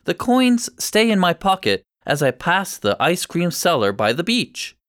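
A man narrating a first-person story in a clear, measured storytelling manner. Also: high-pitched, big pitch swings, fairly bright tone, no echo, studio quality.

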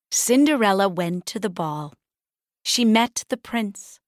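Slow, lively storybook reader woman. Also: dry recording, studio quality. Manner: clear, deliberate reading with lively pitch. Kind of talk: slow read-aloud storybook narration.

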